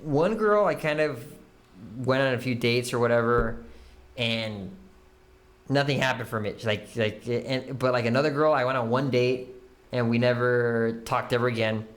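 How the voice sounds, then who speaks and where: A young man co-hosting a casual podcast, rambling through animated, profane stories about dating. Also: mid-range voice, moderate pace. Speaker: podcast co-host. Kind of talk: casual chat.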